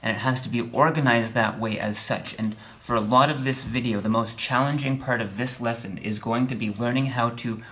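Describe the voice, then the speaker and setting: A man teaching a music theory lesson, chatty and a little wry, often checking in with the viewer and counting beats out loud with hard accents on the downbeat. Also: medium pitch, fairly even intonation, a little fast, hardly any pauses. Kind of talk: recorded video lesson.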